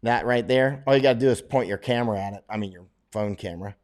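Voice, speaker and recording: A man's voice: on the low side, quick pace, darkish tone. A middle-aged American man from Florida, rambling casually as he answers viewer questions on a livestream, often restarting and laughing as he talks. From Florida, United States.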